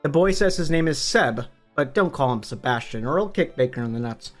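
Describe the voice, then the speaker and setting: A man's voice: mid-range voice, animated, brisk, faint music behind. A man narrating a book summary for his online channel, upbeat and conversational, with the odd casual swear. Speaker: book review YouTuber.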